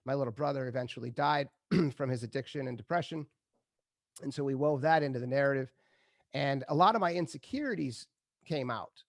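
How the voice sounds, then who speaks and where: A man's voice: medium pitch, brisk, vocal fry, dry recording, clean studio sound. A middle-aged man, a retired ad executive, telling stories as a guest in an interview and acting out quotes with laughs. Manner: animated storyteller, acts out quotes, laughs often. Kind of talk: conversational interview storytelling.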